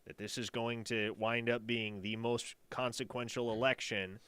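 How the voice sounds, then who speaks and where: A man co-hosting a casual sports talk show, measured, with a dry teasing humor. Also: mid-range voice, flat delivery, a bit bright, smooth, no echo. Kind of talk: casual sports radio chat.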